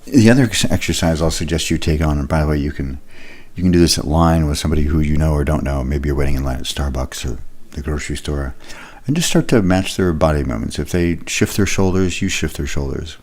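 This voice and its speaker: A man's voice: a bass voice, quick pace, darkish tone. A man giving a recorded leadership lesson, explaining exercises in a conversational way with occasional fillers. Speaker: leadership trainer.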